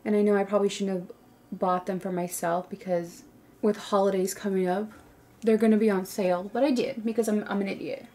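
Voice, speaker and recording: A woman's voice: medium pitch, steady tone, a little fast, dark tone. Young woman beauty vlogger, chatty and rambling, mid-range voice, casual tutorial talk. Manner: chatty, rambling, says "like" often. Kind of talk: casual makeup tutorial chat.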